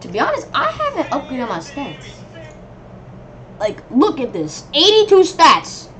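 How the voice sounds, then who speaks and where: A woman giving casual, rambling commentary on her gameplay, reacting excitably and yelping when enemies swarm her. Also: high-pitched, a little slow, crowd noise. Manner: excitable, yelps and shrieks at enemies; rambling running reactions to the game. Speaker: gamer.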